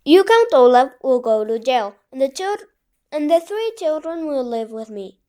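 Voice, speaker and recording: A woman's voice: sits high, sing-song, normal speed. A woman reading the lines of a kind woman judge in a storybook audiobook, indignant toward a villain and fond of children. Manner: indignant, warm.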